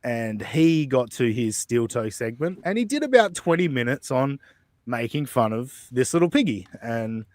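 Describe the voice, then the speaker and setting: Man podcast host, casual chat, lively swooping pitch, dry close sound, profane, rambling. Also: normal speed, no echo. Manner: rambling, profane and laughing, with many fillers. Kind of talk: casual chat, reading out messages.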